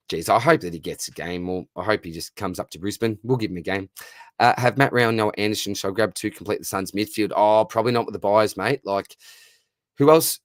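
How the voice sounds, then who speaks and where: A man's voice: lowish voice, no echo, studio quality. A young Australian man hosting a casual live fantasy football Q&A, matey and upbeat as he answers viewers. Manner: matey, upbeat, reads viewer questions aloud. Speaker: fantasy football livestream host.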